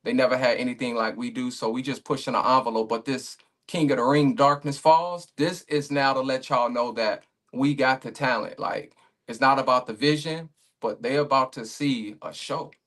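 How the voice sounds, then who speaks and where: A man's voice: medium pitch, moderate pace, a bit bright. A man talking casually as a guest on a remote podcast call, laid-back and rambling, with many fillers and restarts. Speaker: league owner guest.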